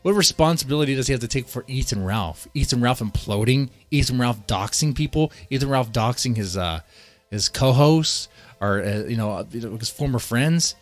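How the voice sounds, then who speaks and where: A male streamer ranting to his chat with heated, profane outbursts, repeating lines and tripping over restarts. His pitch sits in an ordinary middle range. Soft music plays underneath. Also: expressive, moderate pace. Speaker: streamer reacting to a video. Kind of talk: casual live-stream rant.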